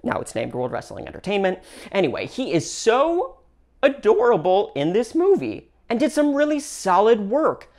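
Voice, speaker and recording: A woman hosting her own channel, giving an upbeat solo movie review with lively swings in her voice. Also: normal speed. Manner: gushing and upbeat, with big pitch swings between phrases. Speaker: film reviewer and channel host.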